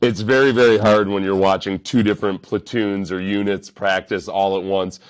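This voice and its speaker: Casual reaction host: a man with a very low voice, talking things through in a dry, wry way. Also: steady tone, normal speed. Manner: conversational, wry, thinks aloud with restarts. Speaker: sports podcast host.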